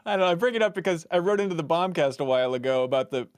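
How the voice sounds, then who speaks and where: Man with a high, bouncy voice on a dry mic, playfully defensive. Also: lively intonation, very fast, clean tone, no room sound. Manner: defensive, joking, insistent. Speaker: podcast co-host, soon-to-be father. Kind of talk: casual podcast chat.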